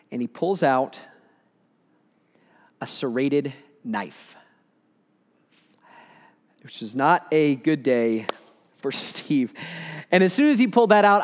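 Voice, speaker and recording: A man delivers a sermon in a casual, storytelling manner, joking with the crowd as he goes. His voice sits a little higher than most men's. The sound carries a long hall reverb, as if from a large church auditorium. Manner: conversational storytelling with humor. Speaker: preacher.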